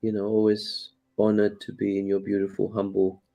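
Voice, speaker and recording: A man's voice: fairly low pitch, monotone, moderate pace, vocal fry, dark tone. A man hosting a casual conversation, using friendly slang while wrapping up. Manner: friendly slang, thanking guest. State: coughing. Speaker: host.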